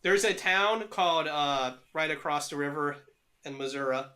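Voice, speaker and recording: Male co-host, bright tone, halting delivery with many fillers, casual podcast chat. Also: a little high. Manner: halting, with frequent fillers and restarts.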